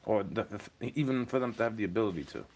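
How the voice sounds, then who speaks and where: A young man rambles through an agitated, profane rant aimed at his stream's chat. His voice sits on the low side, and a faint noise hangs behind the recording. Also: animated, quick pace, darkish tone. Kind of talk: ranting monologue to a livestream chat.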